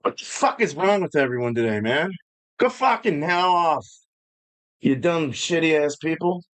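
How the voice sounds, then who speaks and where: A man's voice: a little high, expressive, unhurried, a bit bright. Profane, rambling livestream host man. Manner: profane, rambling, loose and joking. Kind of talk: casual live-stream rant. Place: home brewing setup, hot room.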